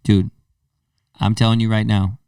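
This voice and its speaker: An animated storyteller in his thirties hosts a podcast, casually relaying a tale and performing the voices within it. He's unhurried, with a fairly low, clean voice, and the studio-quality audio has no room sound but comes from a distant mic.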